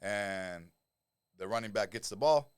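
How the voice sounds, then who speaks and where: A man with a very low voice tells his past in a rough, profane street manner, picked up close by a studio mic in a dry room with no echo. He is a guest on a podcast and sounds to be in his forties. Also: a little slow. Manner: blunt, profane street talk. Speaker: interview guest. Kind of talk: storytelling interview.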